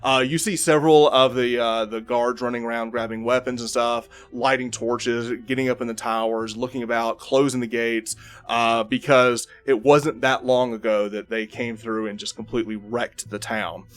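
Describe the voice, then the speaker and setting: A man's voice: mid-range voice, fairly even intonation, normal speed. A man narrating a tabletop game as game master, rambling with many fillers and restarts.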